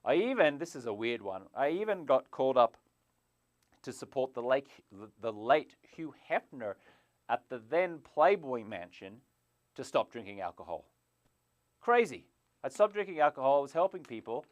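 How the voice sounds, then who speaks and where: A man hosting a live stream as a sobriety coach, animated, jumping from loud bursts to quiet asides, on a clip-on mic indoors. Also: mid-range voice, normal speed, no room sound, lo-fi sound. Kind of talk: energetic live stream pitch. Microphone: clip-on lapel mic.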